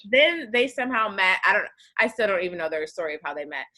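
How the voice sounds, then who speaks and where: A young American woman hosts a casual podcast interview. Her voice is bright and ringing. She tells stories in a chatty, meandering way, full of fillers. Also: lowish voice, fast talker. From United States. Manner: chatty, animated storytelling with many fillers. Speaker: podcast host.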